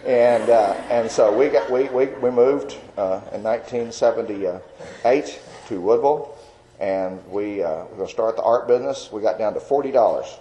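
A man's voice: lowish voice, normal speed, warm tone, a little hiss or hum, low-quality recording. An older man tells his faith testimony in a folksy, rambling way, full of fillers. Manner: folksy storyteller with many fillers. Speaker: Christian artist telling his testimony. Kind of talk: personal testimony.

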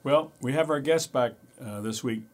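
A man's voice: mid-range voice, moderate pace. A man co-hosting a talk show, chiming in with short affirming remarks and introducing the guest. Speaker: co-host. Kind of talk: casual chat.

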